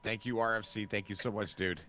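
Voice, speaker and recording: A man's voice: on the low side, fairly even intonation, a little fast, a crowd in the background. A man with an American accent hosting a live stream, playful and teasing in casual chat. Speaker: stream host.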